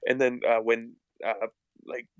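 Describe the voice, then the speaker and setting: A man's voice: mid-range voice, level tone, measured pace, smooth, no echo, dull audio. A man chatting casually as a podcast guest, hesitant and often repeating his words with many fillers. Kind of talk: casual chat.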